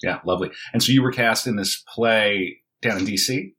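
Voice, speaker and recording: A man hosting a casual chat and making measured, reflective remarks. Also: fairly low pitch, sharp tone.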